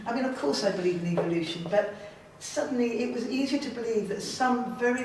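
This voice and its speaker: A woman speaks as an artist giving an informal gallery talk, chatty and self-deprecating with bursts of enthusiasm. Her voice sits at a middle pitch and carries from some distance off the microphone. A heavy echo from the gallery room hangs around every word. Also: darkish tone, slight background noise. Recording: very echoey room, voice from afar.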